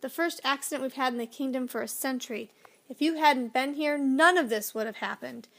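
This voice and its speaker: Woman narrator doing a fussy, formal official for a storybook; brisk and prim, high voice. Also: fairly bright tone. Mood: scolding. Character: tall thin fussy male official, stern.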